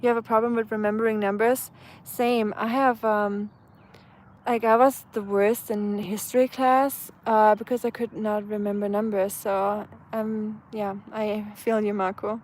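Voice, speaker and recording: A woman's voice: mid-range voice, flat delivery, unhurried, darkish tone. A woman from Germany with a German accent, casually chatting and answering viewers' comments on an outdoor live stream, with many fillers and restarts. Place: outdoors on a sunny day.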